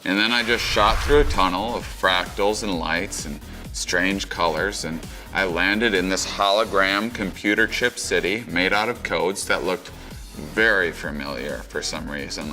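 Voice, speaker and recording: A man telling a comic story, animated and acting out the voices, jumping high when he plays his own panic. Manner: animated, acts out voices, big pitch jumps for panic. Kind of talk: comedic storytelling.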